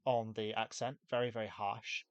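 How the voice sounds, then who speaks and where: A man's voice: fairly low pitch, little pitch movement, normal speed, no echo, muffled recording. An English man hosting a casual podcast chat, rambling and laughing often between restarts. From England. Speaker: podcast host.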